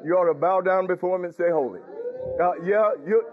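Speaking fast in a high voice with fairly even intonation, a man preaches a conversational sermon. He chuckles and often asks the congregation if they're following him, heard through a tinny, phone-like recording.

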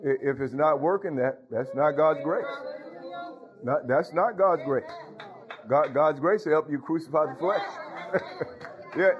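Preacher guy, folksy and repetitive, kinda high voice, dull old church tape sound. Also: unhurried, pauses often, some chatter behind. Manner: call-and-response, folksy, repeats phrases, chuckles. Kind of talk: informal sermon.

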